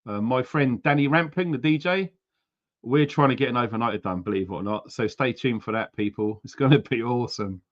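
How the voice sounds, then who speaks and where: A man's voice: medium pitch, brisk, lo-fi sound. Chatty man hosting a livestream. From United Kingdom. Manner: chatty, reads viewer names and places aloud, frequent ums. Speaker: livestream host. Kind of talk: casual livestream chat.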